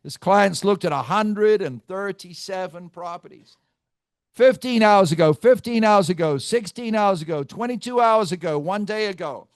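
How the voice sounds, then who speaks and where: A man leading a live team training session, brash and teasing, quizzing his audience with rapid questions. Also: sits high, lively intonation, no room sound, studio quality. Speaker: real estate team trainer.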